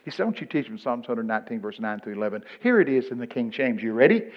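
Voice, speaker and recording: An older man preaching a folksy sermon full of stories, breaking into loud excited bursts. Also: medium pitch, fast, hardly any pauses. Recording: muffled lo-fi recording.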